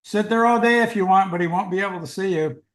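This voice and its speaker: Loud, brusque front-desk gatekeeper, put on by a male storyteller. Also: high-pitched, fast talker, reverberant, natural voice.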